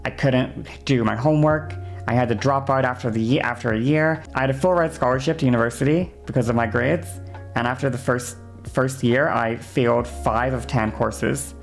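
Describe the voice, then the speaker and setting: A young woman streamer with a gravelly, creaky edge to her voice. She rants heatedly, swears freely and keeps checking in with her audience. Faint music plays behind her. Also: very deep voice, normal speed. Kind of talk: casual stream chat.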